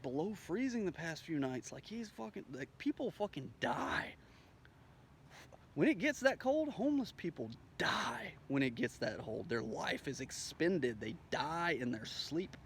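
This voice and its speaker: A man's voice: fairly high pitch, creaky, slight background noise. A man telling a rambling, profane story in a casual way, acting out the dialogue as he goes. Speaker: storyteller recounting his day.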